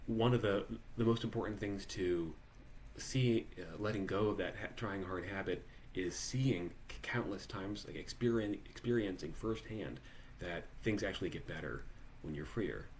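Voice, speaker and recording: A man with a low voice leads a live online workshop for musicians over a video call, speaking at a normal pace with a little hiss or hum in the background. His delivery is conversational, full of restarts and questions put to participants.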